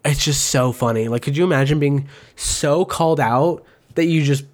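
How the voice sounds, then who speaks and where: A man's voice: on the high side, moderate pace. A man talks off the cuff as host of a casual show. He rambles, fills gaps with "like" and "um", and swears often. He jumps between asides and now and then puts on other people's voices. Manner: rambling and animated, heavy swearing, many fillers. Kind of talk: casual commentary.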